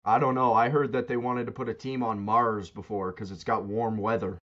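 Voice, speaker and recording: A man co-hosting a casual sports podcast, ranting loudly and mocking rival fans. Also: steady tone, normal speed. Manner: loud, mocking rants with big pitch jumps. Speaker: podcast co-host. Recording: dull lo-fi sound.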